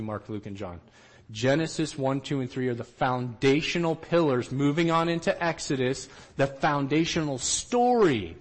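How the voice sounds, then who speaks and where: A man giving a storytelling talk to trainees, animated, and he acts out the quotes himself. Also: mid-range voice, rough recording. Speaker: missionary trainer.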